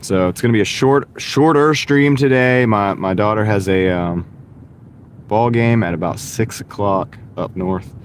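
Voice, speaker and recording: A man's voice: low voice, normal speed. A man chatting casually to live-stream viewers while driving for deliveries, rambling and restarting his phrases, on a clip-on mic inside his car. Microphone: wireless clip-on mic. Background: faint car noise.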